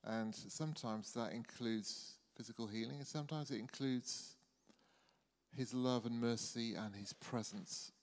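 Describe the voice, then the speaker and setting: Man in his sixties, preacher, earnest, repeats words, mid pitch, church echo. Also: a little slow. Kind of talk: evening sermon and closing prayer. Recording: church hall reverb.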